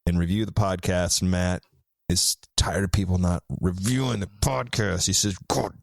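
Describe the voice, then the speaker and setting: A man's voice: low voice, fairly even intonation, normal speed, vocal fry, no echo, clean studio sound. A man hosting a podcast in casual chat, joking and wrapping up the show. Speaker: podcast host.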